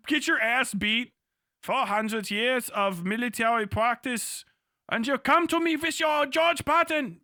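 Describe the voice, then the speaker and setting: Brief: very high-pitched male streamer, bright and forceful, profane and incredulous. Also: normal speed, dry recording, clean studio sound. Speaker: livestreamer. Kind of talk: crude reaction commentary.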